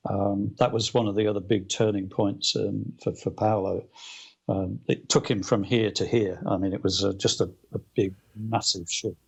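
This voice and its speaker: A man's voice: lowish voice, moderate pace, vocal fry, breathy edge. Guy author telling a dream story, loose and chatty, lots of ums. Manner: animated anecdote-telling with many restarts and fillers. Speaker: author guest. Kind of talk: casual storytelling interview.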